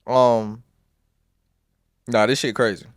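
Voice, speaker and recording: Male podcast host, reads transcript lines straight then riffs bluntly; smooth tone, dry close sound. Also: mid-range voice, flat delivery, takes it slowly, dry recording. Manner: reads both sides of an exchange aloud, then breaks into blunt profane asides. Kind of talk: reading out trial transcript with casual commentary.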